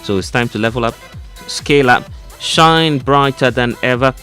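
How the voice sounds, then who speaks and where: A man's voice: mid-range voice, normal speed, pushed and bright, faint music behind. A Ghanaian man co-hosting morning radio, joking about local languages and reading a live ad in an upbeat way with frequent fillers. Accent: Ghanaian English. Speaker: radio co-host. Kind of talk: radio banter and live ad read.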